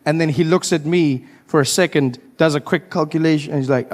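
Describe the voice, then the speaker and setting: A man performing stand-up comedy, telling stories with animated impressions. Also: fairly high pitch, brisk, few pauses. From South Africa.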